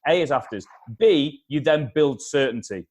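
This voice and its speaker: A man, a communication consultant, giving animated advice in an interview, repeating his key points and acting out past conversations. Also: mid-range voice, normal speed. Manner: energetic, repeats key points, acts out dialogue. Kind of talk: animated advice with acted-out anecdotes.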